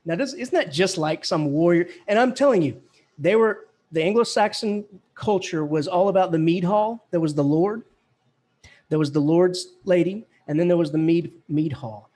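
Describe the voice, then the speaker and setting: Guy professor giving a lecture, kinda husky voice a bit on the high side, taps out the rhythm with his voice. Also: moderate pace. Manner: animated, chants the verse rhythm aloud. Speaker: English professor. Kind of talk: classroom lecture.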